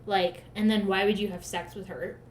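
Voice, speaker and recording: A sarcastic woman co-host recaps a book in casual, profane chat and keeps breaking into quick put-on voices. The sound is roomy and echoey, with a faint hiss of noise behind her. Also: mid-range voice, level tone. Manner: sarcastic, profane, acts out characters in quick asides.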